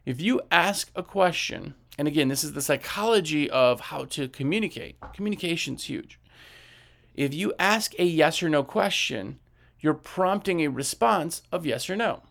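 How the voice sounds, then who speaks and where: A man's voice: a little high, lively intonation, moderate pace, vocal fry, a bit bright. A man giving a casual talk on selling window cleaning, acting out sales dialogue and often checking in with "right?". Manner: conversational, acts out sales dialogue, frequent "right?". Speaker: window cleaning business trainer.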